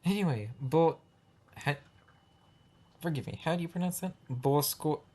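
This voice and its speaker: A man does amateur voice acting for animation, playing a first-grade teacher calling roll. His voice is a little high and mellow, his pace measured, and the flustered character stumbles, starts sentences over and apologizes repeatedly while remaining patient.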